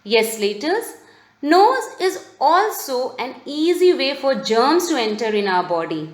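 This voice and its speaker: A woman teacher giving a recorded video lesson for children, speaking slowly and spelling words out letter by letter. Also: high-pitched, very animated. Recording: roomy echo.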